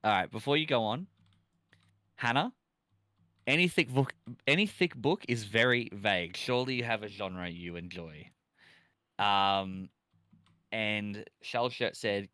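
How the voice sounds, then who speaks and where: A young man hosting a casual live stream, chatting and reading messages aloud. He laughs easily and keeps things loose. His voice sits low, and the sound is dry and close. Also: measured pace, long pauses, bright, forceful tone, no echo. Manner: chatty, laughs often, reads chat aloud.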